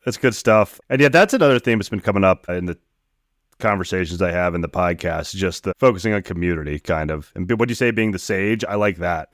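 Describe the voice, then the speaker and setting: A man's voice: low voice, a little fast, dry recording, clean studio sound. A man hosting a podcast, asking loose, meandering questions with fillers in a casual way. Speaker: podcast host.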